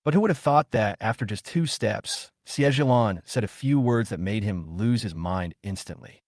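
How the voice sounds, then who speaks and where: A man narrating a comic recap story in a steady, scripted storytelling way. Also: lowish voice, normal speed, dry recording, clean studio sound.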